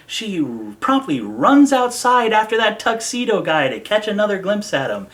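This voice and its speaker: Sarcastic, animated woman anime reviewer. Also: medium pitch, moderate pace. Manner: sarcastic, animated, acts out characters in exaggerated voices.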